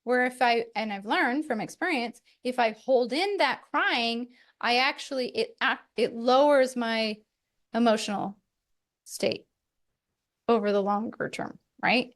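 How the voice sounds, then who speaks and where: A woman's voice: a little high, a little slow, fairly bright tone. A middle-aged woman hosting a podcast, talking candidly and reflectively in casual chat, with light laughs now and then. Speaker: podcast host.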